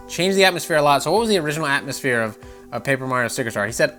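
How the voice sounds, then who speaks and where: A man giving opinionated gaming commentary, animated and swearing as he mocks the people he quotes. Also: very fast, soft background music. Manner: animated, swears, mocking quoted voices with big pitch jumps.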